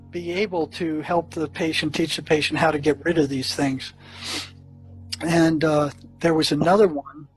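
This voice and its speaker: A man with a slightly raised voice recounts his years as a prison therapist. His telling is earnest and halting, full of restarts and fillers. Faint music plays underneath. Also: on the high side, breathy edge, poor audio. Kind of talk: storytelling recollection.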